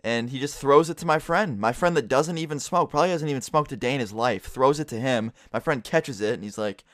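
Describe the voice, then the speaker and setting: Fast-talking young man, swearing a lot. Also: medium pitch, fairly bright tone, no room sound. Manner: casual, swears constantly. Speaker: vlogger and streamer. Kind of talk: storytime vlog.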